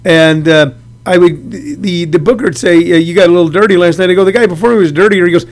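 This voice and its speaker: A man's voice: sits high, fairly even intonation, fast. A man in his sixties, a stand-up comedian, chatting in an interview and telling rambling anecdotes in a storyteller's way. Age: 60s. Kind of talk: casual interview chat.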